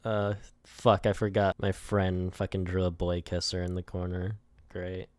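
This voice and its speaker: A man's voice: low voice, monotone, measured pace, a little mellow, no echo. A young man casually talking through his own storyboards, rambling, laughing often and swearing, with lots of "like" in his speech.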